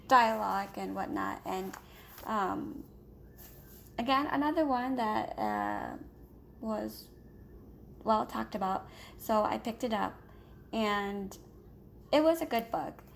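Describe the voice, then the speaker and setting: A woman with a gravelly, fry-edged voice talks casually to her camera as a homeschooling parent. She rushes along, rambling with plenty of filler pauses, over a faint hum. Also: mid-range voice. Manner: hurried. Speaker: homeschooling parent reviewing books. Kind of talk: casual vlog chat.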